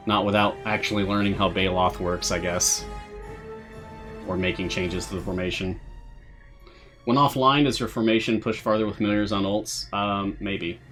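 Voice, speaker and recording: A man's voice: on the low side, moderate pace, soft background music. Laid-back man hosting a live stream. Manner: relaxed, chatty, laughs often. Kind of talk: casual chat reading viewer questions.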